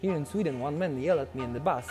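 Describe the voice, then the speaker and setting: A man's voice: on the high side, racing, music in the background. A young man from Poland with a Polish accent, telling his story casually in a documentary interview, acting out dialogue with many restarts. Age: young adult. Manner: animated, acts out dialogue, frequent restarts. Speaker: documentary subject.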